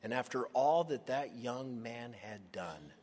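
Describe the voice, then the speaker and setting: A man's voice: mid-range voice, animated, slow pace, darkish tone. A man preaching a sermon, retelling a story expressively and acting out the voices of its characters. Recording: long hall reverb.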